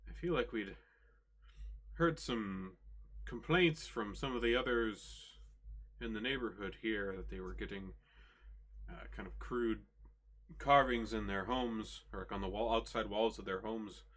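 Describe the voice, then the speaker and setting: A man voicing a dutiful city guard in a tabletop game, speaking in a halting, matter-of-fact way. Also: lowish voice, fairly bright tone. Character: gruff male city guard, dutiful and wary.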